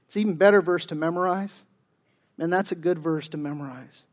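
A man preaching a sermon as a pastor, conversational and emphatic, with slang, frequent restarts and slower, deliberate scripture readings. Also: a little high.

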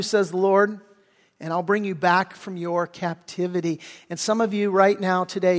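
A male pastor preaches a sermon, moving between scripture reading and loose, slangy retelling. His voice sits very high for a man. The sound rings with long reverb from a large hall.

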